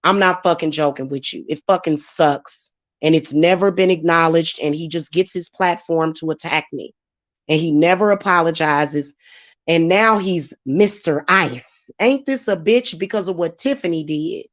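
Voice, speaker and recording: A woman with a low voice, speaking at normal speed, hosts her channel as a spiritual reader and rants heatedly and profanely at commenters during a live-stream vlog. The recording is dry.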